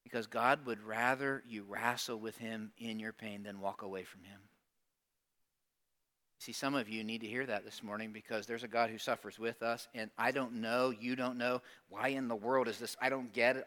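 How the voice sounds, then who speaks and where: A man's voice: mid-range voice, fairly even intonation, normal speed, bright, forceful tone. A male pastor preaching a sermon with emphatic call-and-response, putting direct questions to his congregation.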